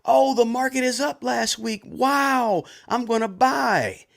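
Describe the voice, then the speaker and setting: A man voicing an emotional male retail investor, blurting panicky and gushing exclamations in a much higher voice than his own. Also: moderate pace, close to an everyday voice. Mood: jittery.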